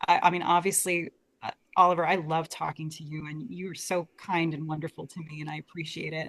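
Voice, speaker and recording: A young American woman, a guest talking earnestly about Shakespeare in a casual interview, often restarting her words. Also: on the low side. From United States. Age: young adult.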